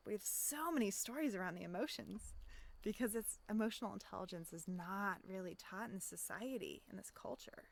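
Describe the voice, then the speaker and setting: A woman speaking as a life coach in a casual self-help monologue, reflective, often checking in with "right?" and pausing for audible deep breaths. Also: vocal fry, fairly bright tone. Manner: acts out inner voices in quotes.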